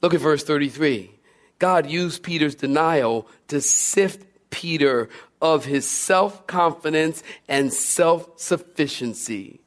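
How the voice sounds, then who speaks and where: A male pastor preaching a sermon in a lively, playful way, acting out scenes. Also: a little high, takes it slowly.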